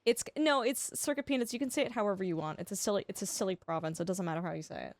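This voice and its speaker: A woman's voice: medium pitch, racing, no room sound. Chatty woman streaming games. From Canada. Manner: chatty, answers chat, stammers and restarts. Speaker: game streamer. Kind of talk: casual livestream chat.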